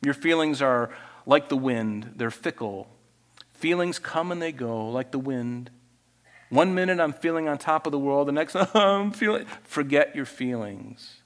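A man's voice: mid-range voice, animated, measured pace. A male pastor preaching a sermon, reading Bible passages aloud and acting out quoted voices along the way.

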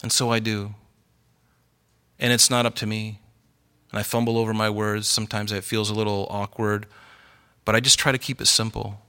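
A middle-aged man preaching a sermon in an earnest, conversational storytelling way, growing animated as he goes. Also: on the low side, normal speed, long pauses, clear, resonant tone. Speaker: pastor.

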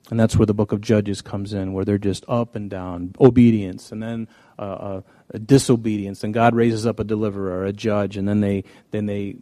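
With a mellow voice on the low side and no echo, a male pastor delivers a chatty sermon full of folksy storytelling, often restarting his sentences.

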